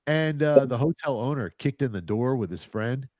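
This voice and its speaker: A man in his fifties casually telling a rambling, animated anecdote, often chuckling as he goes. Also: medium pitch, normal speed, dry recording, clean studio sound. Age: 50s. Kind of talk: casual storytelling.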